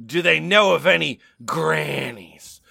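Brief: man with a bright, sharp voice, stumbles through posts with fillers and laughter. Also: on the high side, lively intonation, creaky, dry recording, studio quality. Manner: halting, laughing, full of fillers. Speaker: podcast co-host reading forum posts. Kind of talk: comedic reading of forum posts.

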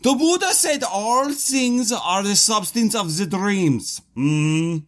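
A man's voice: sits high, lively intonation, takes it slowly. A man voicing a pompous German philosopher in a put-on German accent, lecturing with rhetorical asides on a comedy podcast.

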